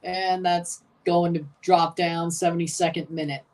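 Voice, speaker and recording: A woman's voice: lowish voice, level tone, measured pace, darkish tone, recorded from a distance. Woman chatting through a live match. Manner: chatty, calls plays in short bursts. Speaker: streamer hosting a live match watchalong. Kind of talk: casual live match commentary.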